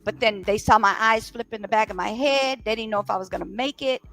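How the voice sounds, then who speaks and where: A woman's voice: a little high, fast, creaky, a bit bright. A woman hosting a casual chat, telling a long story at a loose pace with plenty of fillers. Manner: chatty, rambling storyteller with many fillers.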